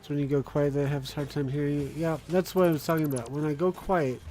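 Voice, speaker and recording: A man's voice: a little high, steady tone, fast, warm tone. A man streaming a building game, muttering to himself as he works and chatting to his cat and viewers. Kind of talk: casual game stream chat. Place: home room with a cat. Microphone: close desk microphone.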